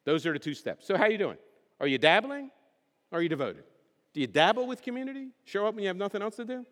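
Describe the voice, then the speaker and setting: A man's voice: high voice, big pitch swings, quick pace, fairly bright tone. A middle-aged male pastor preaching a conversational sermon, joking and putting questions to the congregation. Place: church sanctuary. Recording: long hall reverb.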